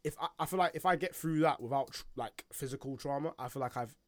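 A man's voice: medium pitch, fast talker. A young man from England in casual banter with friends, using heavy slang and laughing often.

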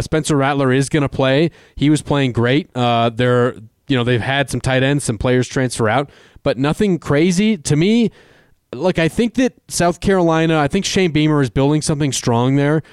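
A man chats through his college football betting picks in a loose, hedging way, dropping fillers as he thinks aloud. His voice is smooth and clear. The sound is dry and close, with no room around it. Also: mid-range voice, no room sound. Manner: hedging, conversational with many fillers. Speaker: sports betting co-host. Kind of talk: casual sports betting chat.

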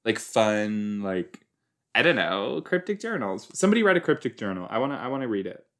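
A man's voice: on the low side, big pitch swings, a little fast, a bit bright. A young man reacting casually to a TV episode as he watches, thinking aloud with lots of fillers and exclamations. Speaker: reaction podcast host.

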